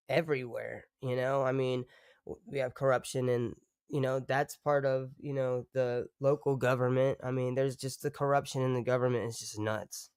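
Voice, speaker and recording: A man's voice: mid-range voice, darkish tone, smooth, dry recording, clean studio sound. A man streaming live, chatting casually and rambling, swearing freely and breaking off to talk to his dog.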